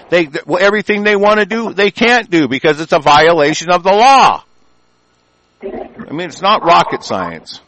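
A man's voice: high-pitched, a bit bright, poor audio. A man delivering a profane, rambling, emphatic political rant.

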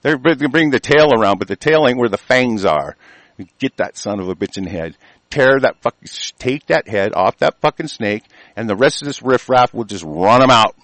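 A man hosting a show, delivering an angry, profanity-laden rant. He stumbles over restarts and swings between yelling and low muttering. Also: animated, moderate pace, no echo, low-quality recording.

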